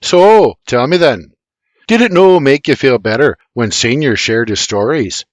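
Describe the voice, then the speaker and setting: A man voicing a hearty, patient uncle who talks loudly and emphatically in an audiobook. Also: mid-range voice, expressive, unhurried, no room sound, natural voice. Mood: coaxing.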